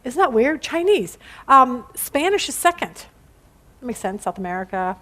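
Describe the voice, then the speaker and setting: A woman's voice: sits high, big pitch swings, moderate pace, fairly bright tone. Chatty woman teaching a Bible study. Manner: chatty and playful, acts out quotes in funny voices. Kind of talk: casual Bible teaching to a group.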